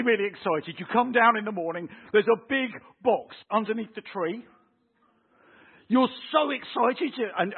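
A man preaching a lively sermon, acting out little scenes with family voices. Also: very high voice, breathy edge. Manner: animated, acts out voices of kids and parents. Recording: tinny phone-like sound.

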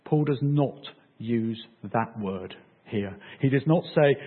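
Husky man preaching conversationally. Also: mid-range voice, takes it slowly, narrow, tinny audio. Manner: conversational, checks in with "okay?". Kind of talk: sermon.

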